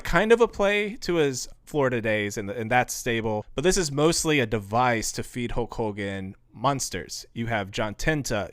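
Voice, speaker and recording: Guy on a podcast reading off old match history, smooth clear voice, dry close sound. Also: medium pitch, fairly bright tone, dry recording. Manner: laughs often, reads off dates and match details. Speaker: podcast co-host. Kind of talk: casual podcast chat recounting history.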